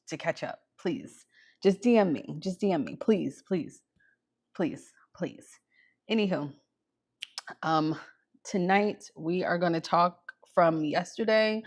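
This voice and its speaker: A woman hosting her own live stream, chatting casually with lots of ums and repeated greetings. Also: fairly low pitch. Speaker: livestream host.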